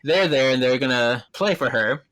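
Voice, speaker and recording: A man's voice: medium pitch, animated, moderate pace, a bit bright. A man co-hosting a podcast, chatting casually, laughing often and retelling scenes in quoted voices. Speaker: podcast co-host. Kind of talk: casual chat recapping a book.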